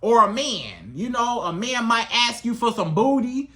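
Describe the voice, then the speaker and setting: A relationship coach talking to camera in a lively, colloquial way, often acting out both sides of a conversation. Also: mid-range voice, unhurried, hardly any pauses. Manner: animated, colloquial, acts out dialogues. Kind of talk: advice vlog monologue.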